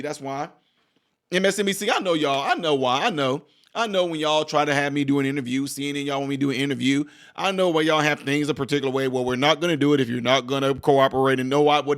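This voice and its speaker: A man giving heated reaction commentary, ranting and mocking, swinging from shouts to low mutters. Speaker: commentator reacting to a news clip.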